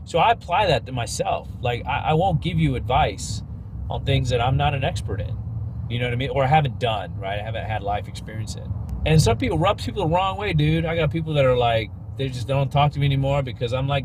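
A man's voice: mid-range voice, expressive, a little fast, noisy background. A man hosting a podcast, giving a blunt, emphatic and slangy motivational rant. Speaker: podcast host.

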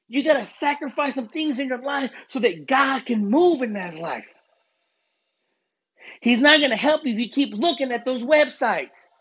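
Husky-voiced preacher, earnest and stumbling, muffled lo-fi sound. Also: high voice, fairly bright tone. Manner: earnest, stumbling restarts, gym talk. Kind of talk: informal sermon.

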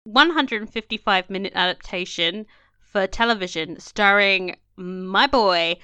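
A young woman co-hosts a chatty podcast, reading from her notes and then drifting off into asides and laughter. Her voice is bright and smooth, and it sits close and dry with almost no room sound. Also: medium pitch, measured pace, dry recording. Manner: reads notes, then jokes and laughs easily. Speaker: podcast co-host. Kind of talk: casual chat mixed with read-out history.

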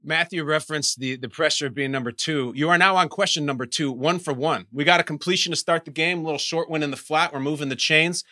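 A man's voice: on the high side, quick pace, hardly any pauses, pushed and bright. Playful interview host, a man. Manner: playful, uses sports announcer lingo. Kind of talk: game show interview.

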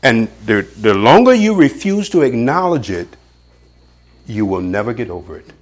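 A male preacher delivering a sermon in a middle-pitched voice that swings widely up and down. He laughs between points and slows into a measured cadence when he reads scripture aloud. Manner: animated, pitch jumps for emphasis, chuckles often.

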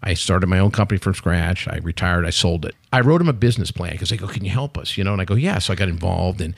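A man's voice: low-pitched, fast, creaky, breathy edge, dry recording, studio quality. A man in his sixties, a company CEO, telling jokey stories in casual chat and acting out the people he quotes. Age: 60s. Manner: animated joking storyteller acting out quotes. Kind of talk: casual storytelling.

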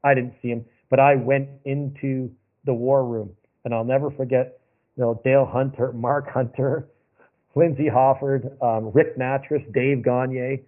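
A man's voice: medium pitch, little pitch movement, a little slow. Male guest, casual anecdotal storyteller, thin phone-line sound. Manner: rambling, anecdotal, repeats himself. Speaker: podcast guest.

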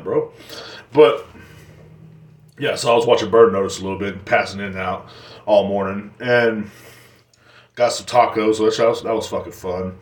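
A man hosting a solo podcast from home, ranting in a profane, joking, rambling way. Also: fairly low pitch. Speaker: podcast host. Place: indoors at home. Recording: roomy echo.

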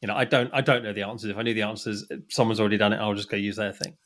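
A man's voice: on the low side, little pitch movement, rapid-fire, fairly bright tone. A man talking casually as a podcast guest, chatty and self-deprecating, often restarting his sentences. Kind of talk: casual conversation.

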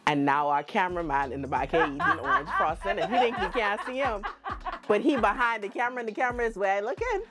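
A woman's voice: medium pitch, lively intonation, fast talker. A woman with a Bahamian accent hosting a casual podcast chat, teasing and playful with her friends. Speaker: podcast host.

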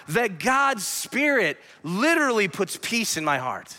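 A man pastor preaching a sermon in a church, earnestly swinging between hushed lines and emphatic ones. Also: very high voice, very animated, measured pace. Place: church sanctuary. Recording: long hall reverb.

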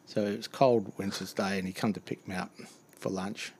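A man's voice: low voice, steady tone, a little fast, vocal fry, a little mellow. A man telling a funny work anecdote in a casual chat, acting out the other voices and laughing often. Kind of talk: casual storytelling.

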